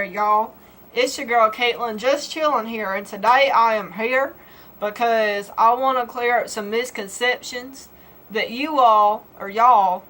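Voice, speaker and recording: A woman's voice: on the high side, a bit bright, rough recording. Playful Southern woman with a Georgia drawl. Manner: playful, exaggerated drawl with folksy phrases. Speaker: vlogger. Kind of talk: comedic casual vlog.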